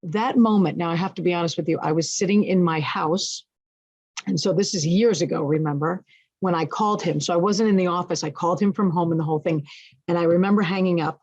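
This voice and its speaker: A woman's voice: fairly low pitch, a little fast, darkish tone, husky, no echo. A woman guest telling a personal story frankly and expressively, with self-deprecating humor. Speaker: interview guest. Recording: dull lo-fi sound.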